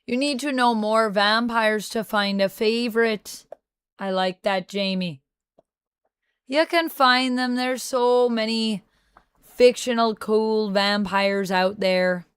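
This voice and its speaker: A woman's voice: a little high, fairly even intonation, takes it slowly, fairly bright tone, smooth, no echo, clean studio sound. Chatty woman streamer in mock Jamaican-Irish accent. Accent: put-on Jamaican accent slipping into Irish. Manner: playful, chatty, reads out viewer messages. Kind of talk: casual livestream chat.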